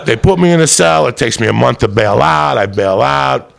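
A man's voice: mid-range voice, lively intonation, moderate pace, vocal fry, a bit bright. A man telling a rowdy comic story with heavy swearing and bursts of laughter. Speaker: comedian storyteller. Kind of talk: profane comic storytelling monologue.

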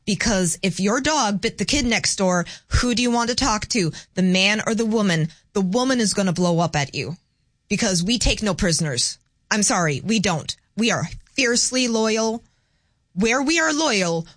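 A woman's voice: medium pitch, expressive, a little slow, dry recording. Blunt, emphatic woman on talk radio. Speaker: guest co-host, host's wife. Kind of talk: casual radio chat. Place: radio studio. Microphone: studio mic.

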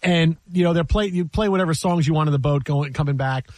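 A man with a notably high voice chats on a sports radio show. He tells stories animatedly, stumbling and restarting as he goes. The sound is dry and close, with no room around it. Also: fast, dry recording. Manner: animated storyteller, laughs, repeats himself. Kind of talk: casual sports radio chat.

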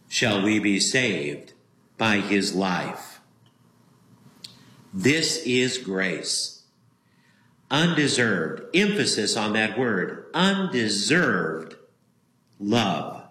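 Slow, emphatic preaching man, bright voice. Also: medium pitch, reverberant, rough recording. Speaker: pastor. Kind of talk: sermon.

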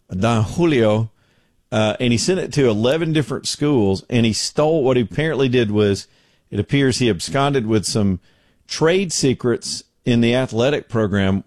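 A man's voice: mid-range voice, darkish tone, dry recording. A middle-aged man hosting a talk show from his home studio, telling stories in a folksy, joking way. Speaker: radio show host. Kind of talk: casual talk show chat.

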